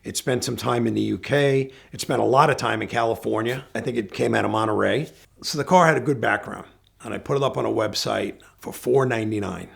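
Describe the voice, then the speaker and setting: A middle-aged man, a car dealer, telling a story in a lively way and acting out the dialogue. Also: mid-range voice, gravelly. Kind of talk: storytelling anecdote.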